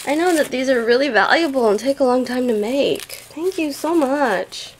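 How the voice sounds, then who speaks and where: A woman's voice: high-pitched, expressive, moderate pace, slight background noise. A young woman hosting a toy channel, gushing and giggling as she unboxes a package at home on camera. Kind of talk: excited unboxing chat.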